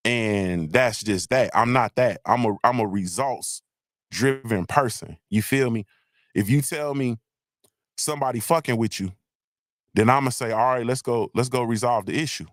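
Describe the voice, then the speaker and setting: A man's voice: fairly low pitch, no room sound, clean studio sound. A man hosting a livestream, ranting bluntly and with heavy profanity, often checking in with "you feel me.". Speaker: livestream host. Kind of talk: casual livestream rant.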